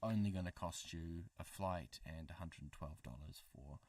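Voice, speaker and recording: A man's voice: low voice, normal speed, darkish tone, no echo. A man, co-hosting a livestream with dry, joking banter. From New Zealand. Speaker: co-host, story narrator. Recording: distant mic, dry sound.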